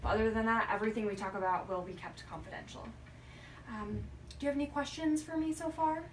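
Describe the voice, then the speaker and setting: A woman's voice: a little high, fast talker, slight background noise. Young woman, raised voice, careful reassuring social-worker role-play, roomy room, distant mic. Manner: gentle, careful, reassuring, with frequent ums. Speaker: social work student playing a hospital social worker. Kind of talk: practice interview role-play.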